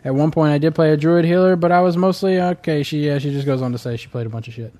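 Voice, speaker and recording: A man's voice: a little high, fast talker, dark tone. Casual man reading listener emails. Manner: reads emails aloud with fillers and laughs. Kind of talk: casual chat.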